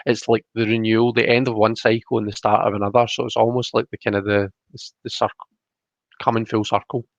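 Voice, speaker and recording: A man hosts a casual live stream at home, talking through tarot cards and greeting his chat. His voice is gravelly and level, and his words run together quickly. The sound is dry and dull, like a basic computer mic. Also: lowish voice, flat delivery, no room sound. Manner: talks fast and mumbles when absorbed.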